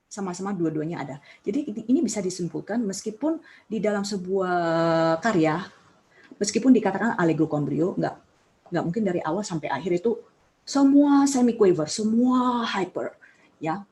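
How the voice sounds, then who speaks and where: A woman's voice: medium pitch, lively intonation, brisk, mellow. A woman giving a piano lecture, explaining points and putting questions to her students. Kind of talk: music lecture. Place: music studio.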